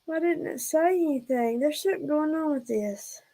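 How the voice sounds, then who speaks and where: A woman's voice: sits high, moderate pace, mellow. A woman hosting a casual livestream, rambling and out of breath as she talks to her viewers. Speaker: livestream host.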